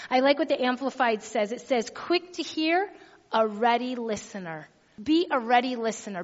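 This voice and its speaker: A middle-aged woman delivers a sermon, telling a personal story with an animated, chatty warmth and frequent laughter. Her voice sits a little high for a woman. The sound is somewhat dull and hangs in a long hall reverb. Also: normal speed. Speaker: preacher.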